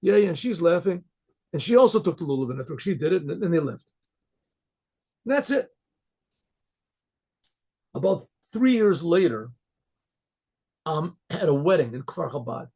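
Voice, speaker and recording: A man with a gravelly, husky voice and a dark tone, pitched a little high for a man. He tells his story in a rambling, animated way, often restarting his sentences. The sound comes through a computer mic on a video call. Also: normal speed, pauses often. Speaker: rabbi. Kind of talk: storytelling talk.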